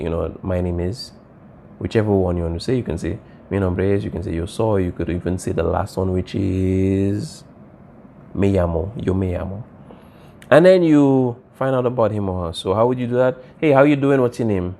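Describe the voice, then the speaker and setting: A male teacher talks through a Spanish lesson in a low, mellow voice. He draws out example words slowly so the class can hear each sound. He keeps checking in with his students as he goes. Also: creaky, slight background noise. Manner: repeats words slowly to model pronunciation, checks in often.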